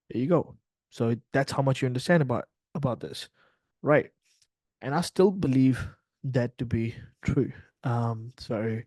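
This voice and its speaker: A man coaching a livestream audience in casual, swearing talk that swings from murmured asides to loud, animated bursts. His voice sits at an ordinary middle pitch. The sound is dry and close, with no room echo. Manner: blunt and profane, animated, acts out quotes. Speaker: trading mentor.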